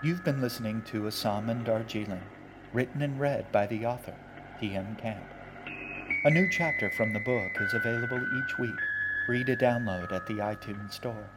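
A man reading his own serialized novel aloud, in a quiet, measured storytelling manner. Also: lowish voice, over loud music. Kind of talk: audiobook narration.

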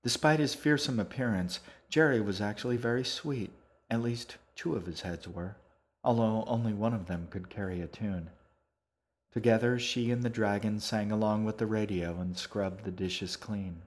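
A man narrating an audiobook in an even, unhurried storytelling manner. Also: lowish voice. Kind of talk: scripted narration.

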